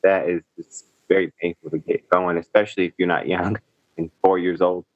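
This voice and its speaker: Deep-voiced american guy, upbeat and into it, dull dry audio. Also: level tone, moderate pace, no room sound. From United States. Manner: upbeat, enthusiastic, with fillers. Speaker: podcast guest, gymnast. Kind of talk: casual interview answers.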